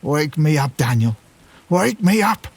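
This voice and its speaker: A man voicing the blind, frightened ghost of an old father who pleads slowly and wails. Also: mid-range voice. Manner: pleading, wailing, slow.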